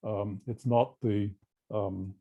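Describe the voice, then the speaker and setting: An older man with an Australian accent giving a measured, technical linguistics seminar lecture. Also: fairly low pitch, fairly even intonation, narrow, tinny audio. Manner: measured, technical, explanatory with pauses.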